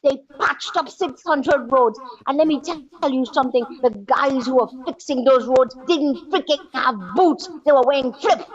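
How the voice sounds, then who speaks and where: A woman's voice: high voice, measured pace, few pauses, dull audio. A woman calling into a talk show, ranting indignantly with sarcasm and rhetorical questions. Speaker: caller. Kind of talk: angry political call-in rant.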